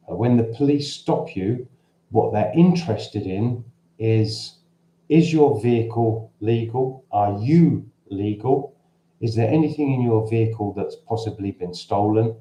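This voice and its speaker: A man's voice: lowish voice, dark tone. A man with a Cockney accent, originally from London, hosting a casual livestream and answering viewers' questions in a rambling, conversational way. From London, England. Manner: rambling and conversational, frequent restarts. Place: at home in central Portugal. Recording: roomy echo.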